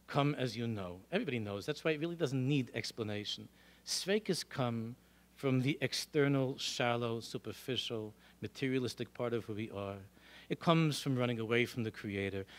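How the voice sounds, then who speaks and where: A middle-aged male rabbi lecturing a congregation in a synagogue, telling animated stories and throwing out rhetorical questions. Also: mid-range voice. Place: synagogue hall.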